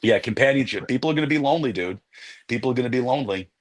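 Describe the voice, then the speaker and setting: A man's voice: medium pitch, animated, racing. A man co-hosting a podcast in casual, jokey banter, swearing freely and talking over his partner. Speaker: podcast co-host.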